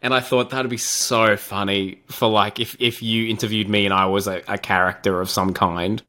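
A man co-hosting a podcast, chatting casually with playful, quick reactions. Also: on the low side, level tone, bright, forceful tone. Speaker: podcast co-host.

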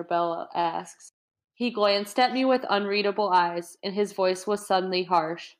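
A woman's voice: mid-range voice, fairly even intonation, measured pace. Woman, reading a novel aloud, casual, chatty asides, small stumbles. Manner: reads with light voicing, chatty asides, stumbles and laughs. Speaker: reader.

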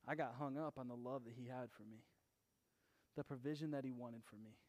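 A man preaching a sermon as pastor, talking casually and joking at times, then building to emphatic shouts. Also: medium pitch, fairly quick.

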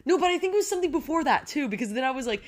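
Animated woman chatting on a podcast. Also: high-pitched, racing. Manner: animated, laughing, restarts often. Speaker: podcast co-host. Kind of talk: casual chat.

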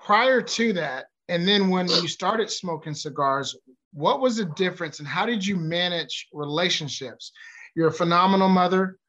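Encouraging male host, slightly high voice. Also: moderate pace, pushed and bright. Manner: probing, encouraging. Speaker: podcast host. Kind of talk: interview questions. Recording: dull lo-fi podcast audio.

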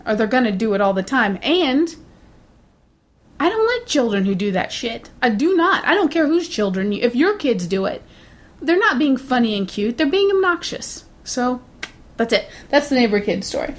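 A woman with a slightly high voice tells a casual story to a friend. She is blunt, curses without a second thought, and acts out the people she quotes.

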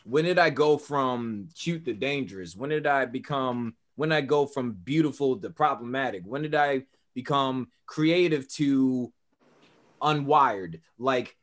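Man, podcast co-host, casual conversation, animated, quick laughs, moves between loud and soft. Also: mid-range voice. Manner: animated, laughing, swings between loud exclaiming and quiet musing.

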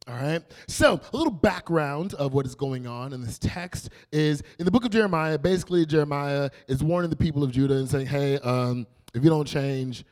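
Young male youth pastor, playful storyteller, slightly high voice. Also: normal speed. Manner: animated, playful storytelling with acted quotes. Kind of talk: casual youth sermon.

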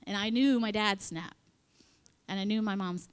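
A woman giving an animated devotional talk at church, acting out quotes and dropping into whispers. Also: medium pitch, moderate pace, long pauses, smooth. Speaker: church speaker.

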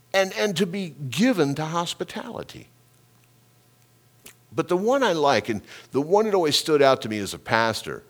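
A middle-aged male pastor preaching a sermon, telling a personal story with animated delivery, repeated words and sound effects. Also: on the high side.

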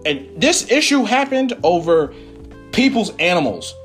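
A young man hosting a podcast, telling a personal story in a casual, animated and profane way, acting out what people said. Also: sits high, measured pace, soft background music. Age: young adult. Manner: animated, profane, quotes people in his own voice. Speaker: podcast host.

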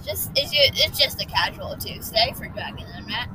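A groggy woman co-hosting a casual family podcast with her son, animated and giggly with lots of ums. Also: sits high, normal speed, noisy background. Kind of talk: casual family chat and storytelling.

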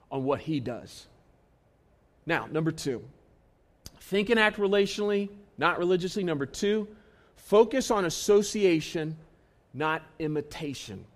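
Earnest pastor, slightly high voice. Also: male voice. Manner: earnest, repetitive, stresses key phrases, shifts between loud and hushed. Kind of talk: sermon. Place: church auditorium.

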